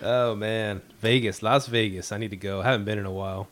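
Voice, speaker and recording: A man's voice: on the low side, fairly even intonation, a little fast, a bit bright. A man co-hosting a podcast, chatting casually and telling a story with frequent laughs. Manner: laid-back storyteller, laughs often. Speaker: podcast co-host. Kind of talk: casual chat.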